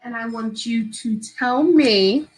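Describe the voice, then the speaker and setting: A woman teacher giving a slow, patient, step-by-step phonics lesson to young children from home. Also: on the high side, slight background noise, rough recording.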